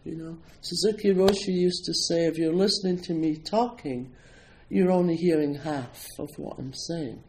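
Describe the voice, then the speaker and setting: A man's voice: on the high side, moderate pace, hardly any pauses, a little mellow, slight background noise, poor audio. A Scottish man, a Zen priest and meditation teacher, giving an informal talk to an audience in a chatty, self-deprecating way, with plenty of ums and you-knows. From Scotland.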